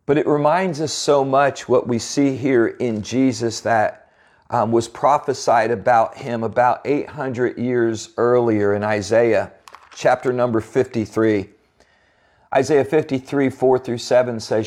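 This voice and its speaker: A male pastor gives an expository sermon in a mid-pitched voice. He reads scripture passages aloud and then explains them earnestly. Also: fairly even intonation, unhurried, a little mellow.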